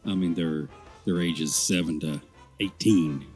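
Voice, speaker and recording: A middle-aged man co-hosting a podcast in casual chat, rambling and animated, with many fillers and restarts. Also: low voice, a little slow, soft background music. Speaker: podcast co-host.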